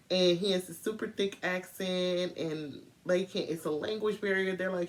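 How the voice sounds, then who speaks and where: Woman, casual chatty recap, animated, slightly low voice. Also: moderate pace, few pauses. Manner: chatty, animated, talks straight to viewers. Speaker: true crime reviewer.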